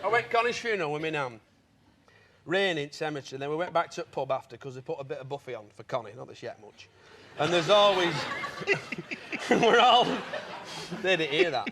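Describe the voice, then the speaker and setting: A man telling animated anecdotes on a chat show, mimicking voices and laughing often. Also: a little high, fairly quick, long pauses. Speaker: comedian guest. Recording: studio audience laughter, noisy.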